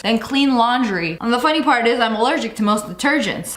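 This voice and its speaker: A woman's voice: high voice, very animated, brisk, hardly any pauses, fairly bright tone. A woman hosting a video reaction show, giving casual comedic commentary that is sarcastic, giggly and exaggerated. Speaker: host reacting to short videos. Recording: echoey room.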